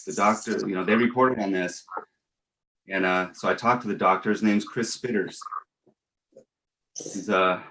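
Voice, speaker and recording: A man's voice: lowish voice, steady tone, normal speed, pauses often, sharp tone, a little hiss or hum, poor audio. Man playing a pompous, rambling fake doctor. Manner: mock-serious, pompous, rambling with restarts. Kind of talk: satirical comedy talk show.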